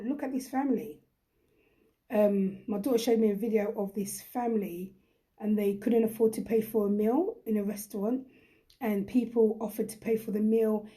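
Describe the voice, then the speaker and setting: Earnest woman, very dark voice. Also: mid-range voice. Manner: earnest, repeats phrases for emphasis. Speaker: host. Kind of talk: reflective live-stream talk.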